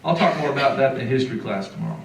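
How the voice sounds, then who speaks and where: A middle-aged man from southeastern Illinois telling a story to a live audience, acting out the quotes in a lively, folksy way. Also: medium pitch, racing, gravelly, a little hiss or hum. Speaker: musician and folklorist. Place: lecture hall. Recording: echoey hall recorded from far off.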